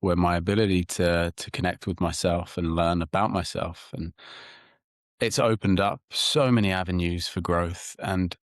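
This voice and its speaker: A man with a very low voice, speaking as a podcast guest in a measured, thoughtful way. He often circles back over his words while he gathers his thoughts. The sound is close and dry. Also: fairly even intonation, no room sound. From England. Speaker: psychotherapist guest. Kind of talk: reflective interview talk.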